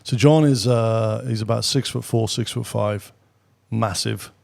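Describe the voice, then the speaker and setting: Gravelly British man telling stories. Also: on the low side, fairly even intonation. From Britain. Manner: anecdotal, quick asides, swears casually. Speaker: guest, former military pilot. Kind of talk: casual storytelling.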